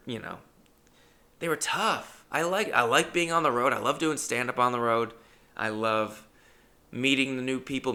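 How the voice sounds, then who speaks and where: Creaky, bright-voiced man rambling casually. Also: mid-range voice. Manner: rambling, swears freely. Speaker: stand-up comedian. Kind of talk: casual storytelling monologue.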